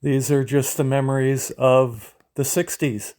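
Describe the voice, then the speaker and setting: A man in his seventies from California, telling rambling memories of his youth, halting often as he searches for names. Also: medium pitch, steady tone, a little mellow, no echo. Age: 70s. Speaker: memoirist. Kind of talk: reminiscing memoir narration.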